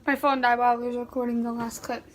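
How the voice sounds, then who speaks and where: A woman's voice: fairly high pitch, little pitch movement, quick pace. A young woman vlogger telling a casual storytime, rambling with lots of fillers like "like.". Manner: rambling, filler-heavy retelling with many "like"s.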